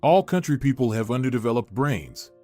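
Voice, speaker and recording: A man's voice: medium pitch, lively intonation, brisk, dark tone, close to an everyday voice. A man voicing a cruel, haughty middle-aged mother-in-law in a sneering, insulting manner, over faint music.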